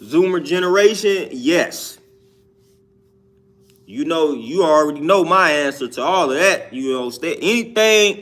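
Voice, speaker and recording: A man's voice: fairly high pitch, expressive, measured pace, a bit bright. A young man talking casually and emphatically about diet, with slangy, repetitive phrasing. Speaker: vegan health talker. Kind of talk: casual monologue.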